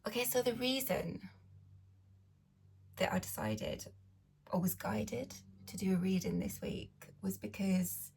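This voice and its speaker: A woman with a slightly croaky voice giving a tarot reading, talking slowly and softly, often half-whispering, and checking in with her listeners as she explains. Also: medium pitch, sing-song. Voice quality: husky, often drops to a whisper. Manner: unhurried, explains with fillers and checks in. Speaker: tarot reader. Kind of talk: slow, soft-spoken tarot reading.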